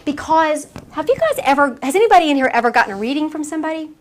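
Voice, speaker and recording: A woman speaks to a small room as a medium, in a chatty, casual lecture. She acts out the dialogue of her stories and laughs often, and her voice sits a little high. There is faint noise in the recording. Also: animated, rapid-fire. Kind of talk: casual lecture to a live audience.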